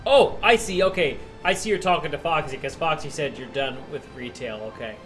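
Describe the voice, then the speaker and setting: A slightly high-voiced man chats easily while playing a video game live, reading viewers' messages aloud and musing about the story. Game music plays clearly underneath his talk. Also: brisk, a bit bright. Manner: chatty, reads out chat messages. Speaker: streamer co-host. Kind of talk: casual chat while gaming.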